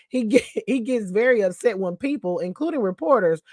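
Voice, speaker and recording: A woman's voice: mid-range voice, animated, a little fast, few pauses, darkish tone, dry recording, studio quality. A woman hosting a sassy news commentary show, who calls her listeners baby and honey, repeats a catchphrase and laughs between remarks.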